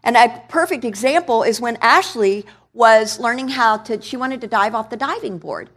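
A woman preacher giving a sermon in a conversational, animated way, asking the congregation questions. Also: on the high side, normal speed. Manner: conversational, animated, quizzes the audience.

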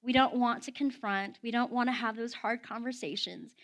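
Bright-voiced woman preaching. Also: fairly high pitch, normal speed. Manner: animated storyteller, acts out quotes with rising excitement. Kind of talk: sermon storytelling.

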